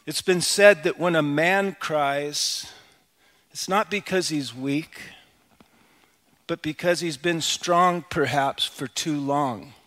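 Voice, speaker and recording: Conversational male pastor, slightly higher voice. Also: slow pace, a bit bright. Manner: conversational and personal, frequent "you know" asides. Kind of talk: sermon. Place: church sanctuary.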